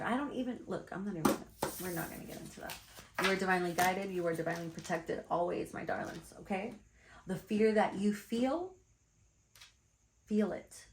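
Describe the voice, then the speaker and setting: Gravelly woman giving a casual card reading. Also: mid-range voice, normal speed, background noise. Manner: chatty, blunt, calls listeners darlings. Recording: echoey room.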